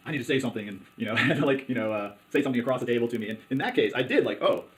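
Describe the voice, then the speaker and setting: A man speaks at a very rapid clip in a relaxed interview, his voice sitting in an ordinary middle pitch. He halts and restarts often, leaning on fillers as he tells his stories. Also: poor audio. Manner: halting, many fillers and restarts. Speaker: hospital district commissioner. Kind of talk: conversational interview.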